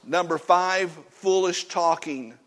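A man preaching a sermon in a church, emphatic and folksy, swinging from loud points to hushed warnings. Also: high voice, slow. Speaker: pastor.

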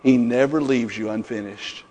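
A man's voice: medium pitch, fairly even intonation, moderate pace, darkish tone. A middle-aged male pastor preaching a sermon, building emphasis through repeated declarations. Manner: preaching with rising emphatic repetitions. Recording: long reverb in a hall.

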